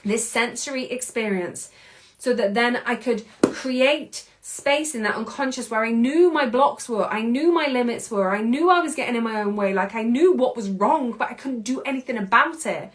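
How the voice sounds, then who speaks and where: An energetic woman in her thirties speaks with a somewhat high, lifted voice. She talks as a podcast host giving a motivational monologue, in emphatic, quick bursts. Her tone stays casual and chatty, with the odd mild curse. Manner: casual, with mild swearing and laughs. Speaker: podcast host and anxiety coach.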